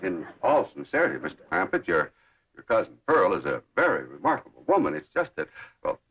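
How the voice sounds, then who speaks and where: An actor playing a nervous, polite city gentleman who stammers and hedges. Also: sits low, huge pitch swings, fairly quick, a crowd in the background. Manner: hesitant, stammering. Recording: muffled 1960s TV soundtrack.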